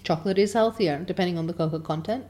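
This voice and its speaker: A woman's voice: on the low side, fast talker, dark tone. A woman host who reads a novel aloud and chats about it in a casual, rambling way. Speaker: reader and podcast host.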